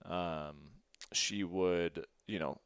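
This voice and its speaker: A man's voice: low-pitched, very slow, clear, resonant tone, no room sound, clean studio sound. A man hosting a podcast, telling a personal story in an earnest, rambling way full of "like" and restarts. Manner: rambling, many "like" fillers and restarts; earnest and emotional. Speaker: podcast host.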